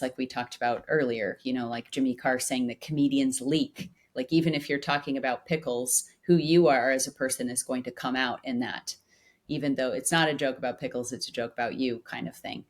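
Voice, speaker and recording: Low-voiced woman comedian on a podcast. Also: steady tone, moderate pace. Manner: reflective, hesitant, with many fillers. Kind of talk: casual conversational podcast chat.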